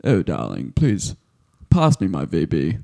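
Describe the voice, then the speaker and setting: A man's voice: low voice, wildly swooping pitch, measured pace, gravelly, mellow, pitched below the performer's own voice, heavily acted. A man putting on a posh, pampered lady. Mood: haughty. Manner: affected posh drawl. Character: posh, pampered woman lounging at home.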